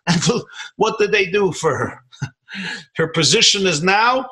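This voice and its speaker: A man from Brooklyn, a rabbi, telling a story in an animated, emphatic lecture over a video call. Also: sits high, unhurried, low-quality recording. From Brooklyn, New York, US. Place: home in a suburban area, on a video call. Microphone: video call computer mic.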